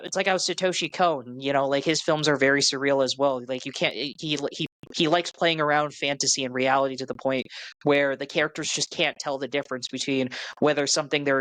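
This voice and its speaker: A man's voice: medium pitch, fairly bright tone, no echo, low-quality recording. A man on a podcast talking through a film in a rambling way, with lots of restarts and fillers as he thinks aloud. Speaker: podcast co-host. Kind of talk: casual film discussion.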